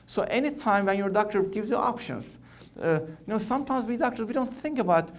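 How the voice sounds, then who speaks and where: Halting, conversational male oncologist speaking. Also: high voice, animated. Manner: conversational, halting, repeats words. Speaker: oncologist giving a keynote. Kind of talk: conference keynote speech.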